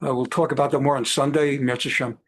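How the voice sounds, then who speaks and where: A man teaching a Torah class over a video call, digressive and lively, sprinkling in Hebrew terms. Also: mid-range voice, fast talker, slight background noise. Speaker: rabbi teaching a Bible class.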